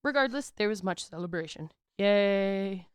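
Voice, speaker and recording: Podcast co-host, woman, casual slangy history narration, smooth clear tone, dry close mic. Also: medium pitch, animated, normal speed, no room sound. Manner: irreverent, slangy, stumbles on words.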